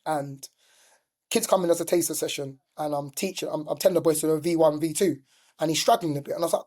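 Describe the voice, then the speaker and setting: Talking fast in a slightly high, steady, somewhat mellow voice, a middle-aged man recounts stories during a casual podcast chat, leaning heavily on "like" and "do you know what I mean." He coaches youth football and was formerly a professional player.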